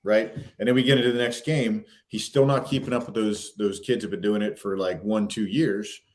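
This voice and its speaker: A man's voice: fairly low pitch, steady tone, normal speed. A man co-hosting a casual chat, retelling stories animatedly with many fillers. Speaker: podcast co-host.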